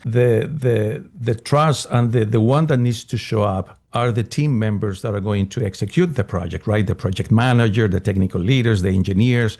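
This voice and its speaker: A man's voice: on the low side, a little mellow. A man hosting a sales podcast, setting up long questions for his guest with a few fillers. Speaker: podcast host. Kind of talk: interview.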